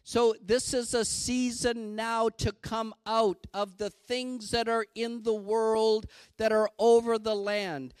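A man's voice: sits high, little pitch movement, takes it slowly, a little mellow, clean tone, dry recording. A man from Canada preaching a sermon, earnest and building to emphatic exhortation.

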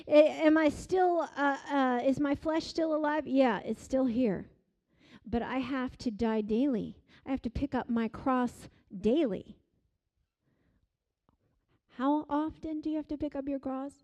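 Woman pastor, middle-aged, high voice; dynamic sermon delivery with hushed and soaring emphatic moments. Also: moderate pace. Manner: dynamic preaching, swings from hushed to loud emphatic peaks.

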